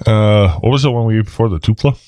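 A man's voice: lowish voice, quick pace, darkish tone, no echo. A man co-hosting a podcast, chatting casually and teasing while tasting snacks. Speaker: podcast co-host.

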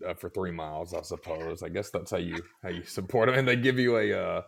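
Male podcast host, slightly hoarse, low and animated delivery, loose profane rambler. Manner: rambling, swears freely, self-mocking. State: slightly scratchy throat. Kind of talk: casual chat.

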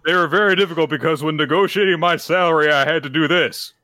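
A man playing a deadpan hired horse. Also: fairly high pitch, fast. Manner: deadpan, wisecracking. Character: sardonic hired male horse, dry negotiator. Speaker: podcast co-host.

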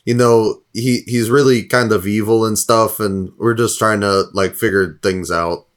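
A man playing a tabletop game in a hesitant, halting manner with many fillers. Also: lowish voice, steady tone. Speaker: player. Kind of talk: casual tabletop play.

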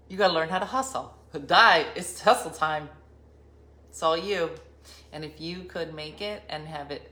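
A woman's voice: low voice, bright, forceful tone. Rambling, jokey woman in a roomy space. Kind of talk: casual chat. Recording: roomy echo with faint ambience.

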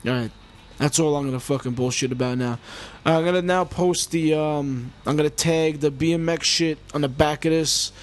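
A man in his forties rants through his own podcast, swearing freely and restarting his sentences as he gets worked up. His voice sits on the high side for a man. He talks close into a home mic. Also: fairly even intonation, moderate pace. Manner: rambling, heated, heavy swearing and restarts. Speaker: podcast host. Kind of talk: casual profane monologue. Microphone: mic with homemade pop filter.

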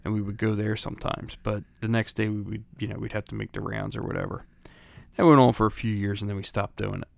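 A man's voice: fairly low pitch, little pitch movement, quick pace, vocal fry, no echo. A middle-aged man from Philadelphia, co-hosting a podcast, telling a profane, laughing story in casual chat. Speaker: podcast co-host. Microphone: close studio mic.

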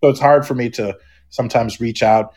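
A man's voice: medium pitch, steady tone, brisk, darkish tone. A middle-aged man, a podcast guest, talking casually and rambling, with many restarts and fillers. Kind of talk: casual chat.

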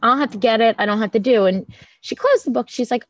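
A woman's voice: fairly high pitch, quick pace. A woman talks openly about her own recovery, chatty and candid and ready to laugh at herself. She acts out the voices of the people she quotes. The sound is dull and lo-fi, with no room echo. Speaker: recovery group speaker. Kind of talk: personal recovery share.

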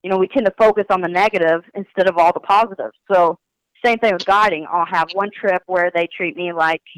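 A woman who works as a fishing guide, talking candidly in an interview and acting out remarks people make to her in an animated way. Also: medium pitch, clean tone, no echo, poor audio. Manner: animated, acts out quoted remarks.

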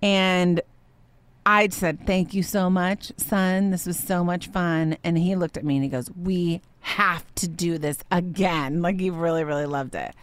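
A woman's voice: on the low side, steady tone, a little slow, clear, resonant tone. Emotional woman sharing a faith story. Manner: emotional, rambling storytelling with many fillers. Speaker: podcast host. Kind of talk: faith podcast monologue.

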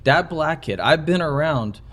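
A man's voice: on the high side, lively intonation, a little slow, a bit bright. A man co-hosting a podcast, talking bluntly and swearing freely. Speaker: podcast co-host. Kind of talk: casual opinionated chat.

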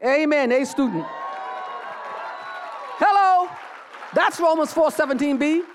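A preacher delivering a fiery church sermon, repeating phrases, calling for the congregation to answer, and bursting into shouts. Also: high voice, a little slow, a faint crowd, a little hiss or hum.

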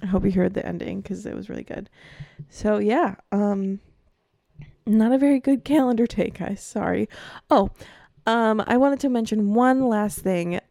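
Chatty woman podcast host, gravelly. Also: on the high side, a little slow, warm tone, no room sound, studio quality. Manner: chatty, many fillers like "like" and "um", laughs often. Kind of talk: casual chat.

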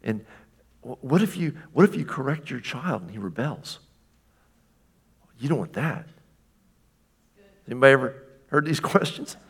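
A man delivering a sermon in an easy, talky way, his voice sitting in a middle pitch. He keeps checking in with his listeners and now and then slips into mocking voices for quoted lines. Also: animated, normal speed, gravelly, pauses often, slightly rough. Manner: conversational, checks in with "right?"; mimics a taunting voice for quoted questions. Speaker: pastor.

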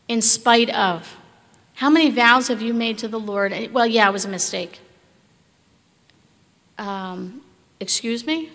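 A woman preaching a sermon with emphatic rhetorical questions, at times dropping to a hush. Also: a little high, long reverb tail.

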